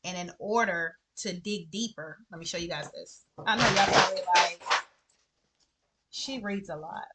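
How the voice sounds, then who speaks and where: Slight background noise sits behind a woman with a lowish, fairly bright voice who speaks at normal speed with few pauses. An adult with children, she vlogs casually and heartfeltly about her favorite books, earnestly repeating phrases for emphasis.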